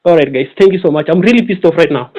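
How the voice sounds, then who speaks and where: Angry Kenyan man caller, high-pitched and rapid, code-switching. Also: lo-fi sound, noisy background. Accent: Kenyan English. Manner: angry, rapid, mixing Swahili and English. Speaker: caller on a live audio space.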